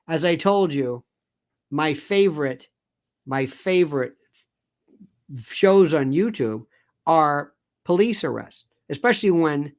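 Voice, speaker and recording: Older male host, gravelly voice, wide-swinging sarcastic monologue. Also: a little high. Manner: sarcastic, animated, digressive. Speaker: commentary host. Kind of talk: opinion commentary monologue.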